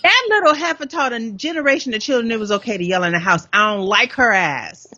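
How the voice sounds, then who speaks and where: A woman's voice: a little high, fast, no room sound, lo-fi sound. A middle-aged woman co-hosting a podcast, chatting casually and telling stories with lots of laughter. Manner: animated, laughing storyteller. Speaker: podcast co-host. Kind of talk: casual chat.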